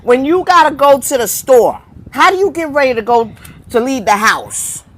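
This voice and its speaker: A woman's voice: high-pitched, animated, moderate pace, a bit bright, poor audio. A woman preaching informally on a live stream, firing rhetorical questions at her viewers and repeating phrases for emphasis.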